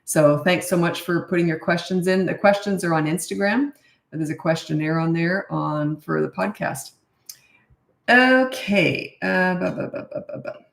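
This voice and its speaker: Middle-aged woman, parenting coach, blunt and chatty, lowish voice, echoey room. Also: a little slow, creaky. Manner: blunt, matter-of-fact, chatty asides. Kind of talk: casual Q&A advice. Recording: roomy echo.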